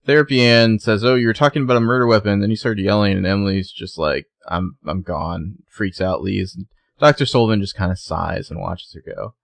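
A man co-hosts a casual podcast, recapping a TV episode by retelling scenes and tossing off quick quoted voices for the characters. His voice is fairly low and creaky, with no echo.

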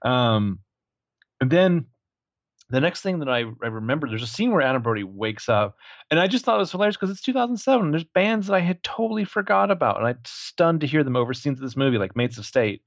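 A man's voice: mid-range voice, sing-song, a little fast, gravelly, dry recording, highs cut off. A man co-hosting a podcast, chatting casually and sarcastically about a film, swearing and laughing often. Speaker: podcast co-host. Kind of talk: casual movie review chat.

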